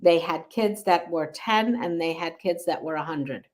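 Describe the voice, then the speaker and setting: A middle-aged woman from Hungary, chatting as a guest and laughing easily, with short quick answers. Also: on the low side, slight background noise. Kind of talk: casual interview chat.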